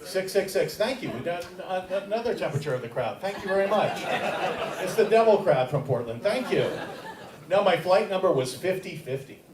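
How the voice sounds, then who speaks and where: A man's voice: sits high, big pitch swings, brisk. An older man doing stand-up comedy as the emcee and teacher, with a wry, self-deprecating, crowd-teasing delivery. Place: comedy theater stage with a live audience. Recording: roomy, distant live-stage recording with audience noise.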